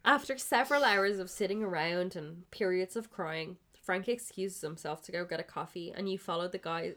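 A woman's voice: lowish voice, moderate pace, fairly bright tone. A woman podcast host giving a comic reading of fan fiction, narrating the scenes between bursts of laughter. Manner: reads narration, breaks into laughter.

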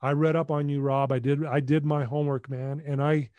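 A man telling a personal story as a podcast guest, in an emphatic, animated way. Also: fairly high pitch, a little fast, no room sound.

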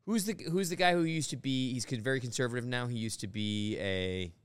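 Smooth-voiced man riffing as podcast host. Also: medium pitch, brisk. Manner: joking, provocative riffing. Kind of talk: casual comedic podcast banter.

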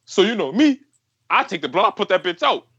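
A man's voice: sits high, very animated, a little fast, fairly bright tone, husky, dull audio. A man telling a crude story in casual chat, swearing, full of slang and laughing as he goes.

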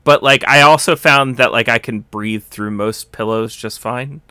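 A man's voice: medium pitch, normal speed, sharp tone, clean tone, no room sound, studio quality. A young man in casual recorded chat, rambling with many fillers and restarts.

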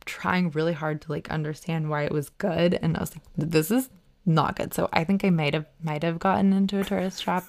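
A woman's voice: low voice, fairly even intonation, fairly quick, creaky. A woman co-hosting a podcast, talking casually and bluntly, swearing freely and using lots of fillers. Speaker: podcast co-host. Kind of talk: casual chat. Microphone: remote call mic.

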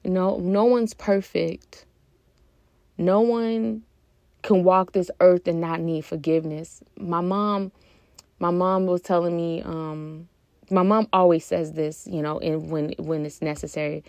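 A young woman talks through a reflective podcast episode with a low, gravelly voice. She speaks earnestly and from the heart, pausing on hesitant fillers. The sound is close and dry. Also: steady tone, a little mellow, no room sound. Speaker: podcast host. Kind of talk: reflective personal podcast talk.

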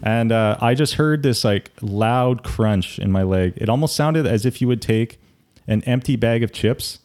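A young man chatting casually with a friend, telling a story with lively detail and frequent laughter. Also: medium pitch, measured pace. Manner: animated storyteller, laughs often.

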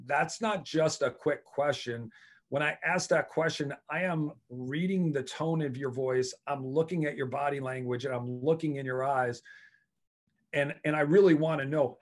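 A man's voice: fairly high pitch, moderate pace. A man who is a college lacrosse coach, talking earnestly as a podcast guest and often repeating words as he works out his thoughts. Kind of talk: casual interview talk.

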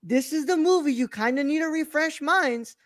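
A man's voice: extremely high pitch, normal speed, fairly bright tone, dry recording, clean studio sound. A male podcast co-host in casual chat, talking bluntly and swearing often.

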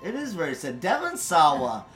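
A man's voice: on the high side, wildly swooping pitch, moderate pace, fairly bright tone, soft background music. A man guesting on a podcast in casual chat, enthusiastic and swearing freely as he rambles.

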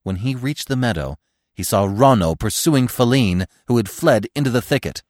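A man, the podcast host, narrating a classic storybook in an expressive, dramatic way. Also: medium pitch, moderate pace, dry recording, studio quality.

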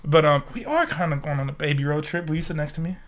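With lively intonation and a quick pace, a young man with a voice on the high side co-hosts a casual podcast. He's feeling ill, but he keeps the desk-mic banter profane, jokey, and full of laughs.

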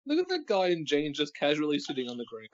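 Male co-host, lively pitch, jokey asides; dry lo-fi sound. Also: no echo. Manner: quick jokey comments on what's on screen. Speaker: podcast co-host. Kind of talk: casual podcast chat. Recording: dull lo-fi dry recording.

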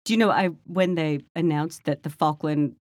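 A woman's voice: low voice, moderate pace, very noisy. A middle-aged woman co-hosting a casual podcast, chatting wryly and reading news items aloud with dry asides. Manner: wry, chatty, reads articles aloud with dry remarks. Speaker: podcast co-host.

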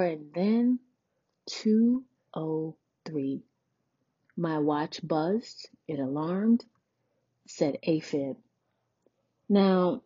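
A woman's voice: mid-range voice, mellow, breathy edge, no room sound, dull audio. A woman in her forties, a podcast host, telling a personal story in a candid, conversational way and acting out the dialogue she quotes. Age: 40s.

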